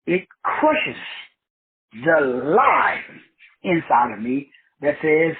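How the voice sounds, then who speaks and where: A man's voice: fairly high pitch, huge pitch swings, extremely slow, long pauses, slightly rough. A man hosting a talk show, giving a preachy motivational monologue full of wordplay and repeated phrases. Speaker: podcast host. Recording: tinny phone-like line.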